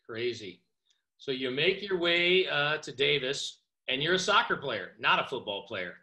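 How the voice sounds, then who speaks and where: A male host leads a casual interview, his voice notably bright and sharp. He asks his questions in a relaxed, chatty way. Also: medium pitch, a little slow. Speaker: host and football coach.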